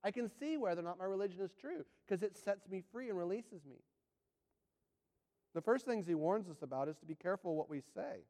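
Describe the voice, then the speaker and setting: A man preaching a sermon, firing rhetorical questions and swinging between loud and hushed delivery. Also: high-pitched, animated, fairly quick, in a large hall.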